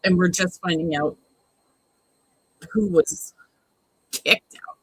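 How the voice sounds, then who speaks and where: Husky, sarcastic watch-along host. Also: mid-range voice, fairly even intonation, takes it slowly, fairly bright tone, no echo, poor audio. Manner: exasperated, sarcastic, mimics the cast. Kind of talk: casual live watch-along commentary.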